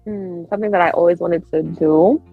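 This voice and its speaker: A woman guest on a podcast telling a story in an animated way. She acts out her own lines with big jumps in pitch and laughs often. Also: fairly quick, vocal fry, narrow, tinny audio, faint music behind.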